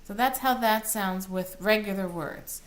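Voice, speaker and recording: A woman's voice: medium pitch, measured pace. A woman cantor teaching Torah cantillation, explaining plainly and breaking into short sung chant phrases. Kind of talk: recorded online lesson.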